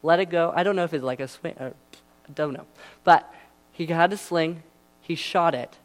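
A young man delivers a sermon in a loose, chatty way, his voice a little above the usual male range and at normal speed. He keeps his retelling relaxed and casual, sprinkling in plenty of fillers and asides.

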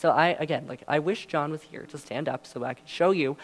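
A young man preaches in a loose, conversational way, peppering his story with fillers and asides. His voice sits a little above the usual male range. He keeps the retelling relaxed and chatty. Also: on the high side, a little fast. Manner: casual and chatty, many fillers. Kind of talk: sermon.

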